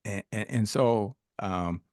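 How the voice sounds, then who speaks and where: A man's voice: on the low side, takes it slowly, darkish tone, no echo, studio quality. A middle-aged man, a podcast guest, telling a personal story emphatically with rhetorical questions.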